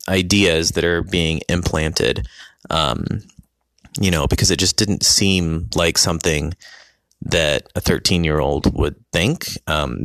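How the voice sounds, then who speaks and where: A man casually telling a personal story about his family, halting with many ums and restarts. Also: deep voice, a bit bright, dry recording, studio quality.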